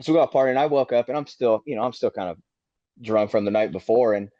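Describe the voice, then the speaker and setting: A man's voice: mid-range voice, fast talker, mellow. A man telling a podcast host a long story with plenty of swearing, and he acts out the heated quotes in his story. His voice sits in the middle, and it comes through dull and lo-fi. The room is dry, with no echo. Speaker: race car driver guest.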